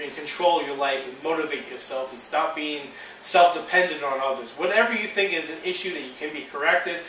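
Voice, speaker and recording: A man's voice: on the high side, bright, forceful tone, far from the mic, a little hiss or hum. Candid man in an echoey room. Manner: rambling, emotional, candid, frequent restarts. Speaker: vlogger. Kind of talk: casual personal video diary.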